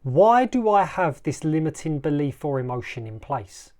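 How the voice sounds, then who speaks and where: A man's voice: fairly high pitch, very animated, warm tone. Emphatic man hosting a motivational podcast. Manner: emphatic, repetitive, slows for dramatic effect. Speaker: life coach, podcast host.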